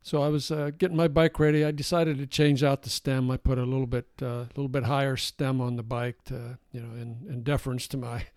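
An older man co-hosting a podcast, telling a casual story with animated asides and frequent laughter. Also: mid-range voice, brisk, hardly any pauses, no room sound, studio quality. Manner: animated anecdote-teller, laughs often. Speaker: podcast co-host.

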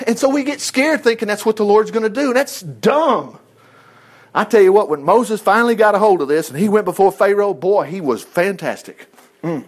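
A man's voice: a little fast, breathy edge. A middle-aged man preaching casually from scripture, joking and acting out the quoted lines. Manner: animated, jokey, acts out quoted lines with sudden pitch jumps. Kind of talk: conversational sermon, reading and commenting on scripture.

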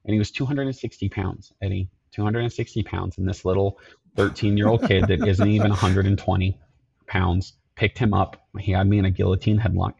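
A middle-aged man, a podcast guest, telling his life story in an earnest, halting way, often repeating himself. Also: low voice, steady tone, gravelly, darkish tone, lo-fi sound, a little hiss or hum. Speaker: podcast guest, security company owner.

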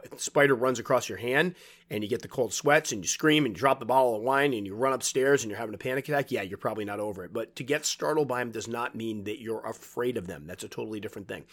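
A man giving casual advice to his video audience in a relaxed, rambling way. His pitch sits in the middle for a man. He often restarts his sentences and drifts into asides. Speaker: tarantula keeper and video host. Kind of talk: casual advice talk to camera.

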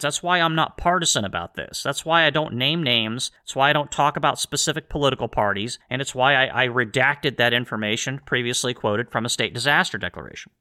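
A man talks straight to his audience in a sarcastic, ranting monologue, piling up rhetorical questions. His voice sits a little high and has a sharp, bright edge. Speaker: political commentator.

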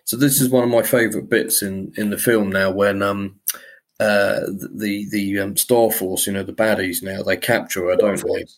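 A man with a somewhat low voice co-hosts a casual podcast. He recaps a film's plot in a chatty way, hesitating often with ums and repeated words. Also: steady tone, normal speed. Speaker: podcast co-host. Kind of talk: casual film-discussion chat.

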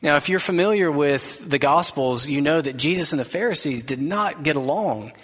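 A man's voice: on the high side, expressive, normal speed, breathy edge. Man preaching in a reverberant hall. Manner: earnest, conversational preaching with soft quoted asides. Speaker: pastor. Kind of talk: sermon. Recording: long reverb of a large hall.

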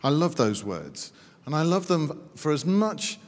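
A British man preaching a sermon, reading scripture slowly and then talking it through with humorous asides. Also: on the high side, sing-song. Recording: reverberant hall.

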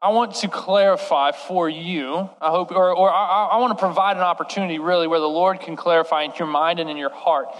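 A young man preaching and telling a self-deprecating story in an animated way, acting out the voices of the people in it. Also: sits high, brisk, hardly any pauses. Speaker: youth preacher. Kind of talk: storytelling sermon. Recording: long reverb in a large hall.

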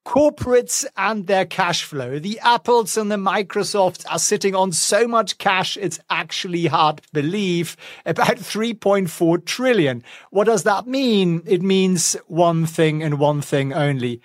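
A man's voice: high voice, measured pace, no echo, clean studio sound. A man giving casual stock market commentary at home, chatty and wry with sarcastic asides. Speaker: finance vlogger. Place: home, with a pet nearby.

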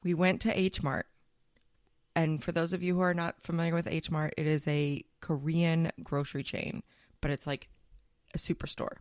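Playful low-voiced woman podcast host. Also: little pitch movement, normal speed, no echo, studio quality. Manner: playful, jokey storyteller. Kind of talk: casual chat.

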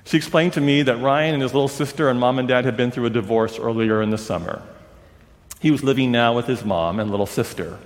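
Male preacher, storytelling sermon, mid-pitched voice, big hall reverb. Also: brisk. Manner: acts out quoted voices, drops to a hush for emotional moments. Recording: long reverb of a large hall.

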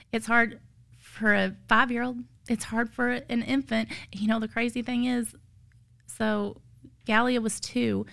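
A woman in her thirties with a drawl and a fairly high, gravelly voice. She speaks as a tired foster mother giving a heartfelt testimony, earnest and emotional, building to emphatic peaks. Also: a bit bright.

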